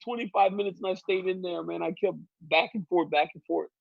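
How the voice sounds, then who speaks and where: A man, a guest telling animated stories in casual chat and laughing often. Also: high-pitched, fairly quick, vocal fry, no room sound. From Louisiana. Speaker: guest analyst. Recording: dull, lo-fi remote feed.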